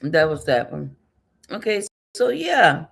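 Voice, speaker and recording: Slow, gravelly-voiced woman reader. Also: sits low, sing-song. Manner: rambling, repetitive, laughs often, mutters to herself. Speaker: tarot and numerology reader. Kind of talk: casual spiritual reading livestream.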